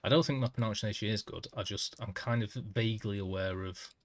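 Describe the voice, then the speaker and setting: A man streaming a game, casually trying out foreign phrases haltingly and chuckling at himself. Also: lowish voice. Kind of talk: casual live-stream chat.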